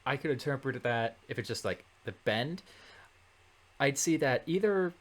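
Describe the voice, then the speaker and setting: A man working through a Latin translation in a relaxed lesson, thinking aloud with many fillers and self-corrections. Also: mid-range voice, a little slow. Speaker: Latin tutor. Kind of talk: casual translation walkthrough.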